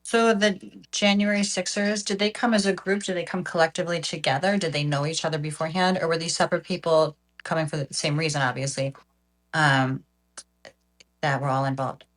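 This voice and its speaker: A woman's voice: deep voice, steady tone, a little fast. A woman on a casual online panel who asks questions and teases the host.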